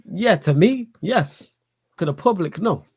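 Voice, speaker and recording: A man's voice: high voice, expressive, a little slow, a little mellow, breathy edge, no echo. Laid-back man hosting. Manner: laid-back, agreeable, slangy. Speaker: host. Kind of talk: casual sports chat reading viewer questions.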